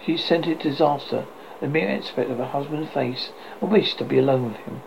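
Gravelly male storyteller reading aloud. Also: medium pitch, normal speed. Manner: steady read-aloud narration with small slips. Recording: slightly dull, faint hiss.

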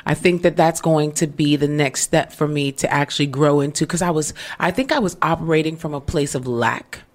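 Woman, low voice, co-host, casual heart-to-heart chat, animated storyteller, acts out voices. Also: a little fast. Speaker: podcast co-host.

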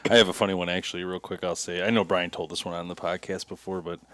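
A man's voice: low voice, flat delivery, fast talker, fairly bright tone. A man co-hosting a podcast, telling funny stories in casual chat and laughing through them. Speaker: podcast co-host.

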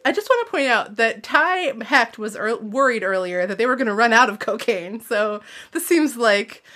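A woman's voice: fairly high pitch, expressive, normal speed, sharp tone. A woman co-hosting a podcast, reading a book aloud with chatty asides full of likes and ums. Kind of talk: casual book reading and chat.

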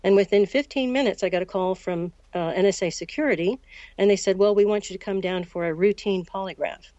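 Woman, 60s, from the United States, measured storyteller, quoted dialogue, dull lo-fi recording. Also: mid-range voice, warm tone, no echo. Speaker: interview guest. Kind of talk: recounting a personal story.

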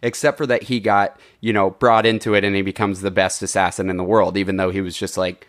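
A man co-hosts a casual film review podcast, rambling through the chat with plenty of filler and free swearing. His voice is low with little pitch movement, and he talks fast.

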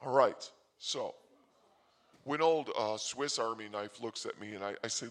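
Excitable rambling male comic. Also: medium pitch. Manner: excitable, loud bursts, quick asides. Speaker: comedy host.

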